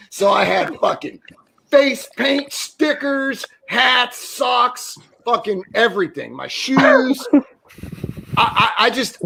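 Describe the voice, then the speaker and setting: A man's voice: high voice, gravelly, a bit bright, a little hiss or hum. A man on a casual sports talk show, ranting with lots of swearing and stammered restarts, sounding exasperated.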